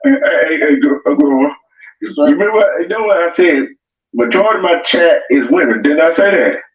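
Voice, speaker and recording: A man hosting a casual livestream and reading chat aloud, laughing often and breaking into loud excited exclamations. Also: a little high, normal speed. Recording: echoey, distant, dull sound.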